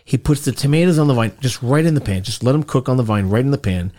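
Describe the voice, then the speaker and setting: A man with a lively, swooping voice co-hosts a casual podcast. He teases his guests and leans on his words for effect. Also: mid-range voice, quick pace. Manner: playful, teasing, emphatic. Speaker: podcast co-host.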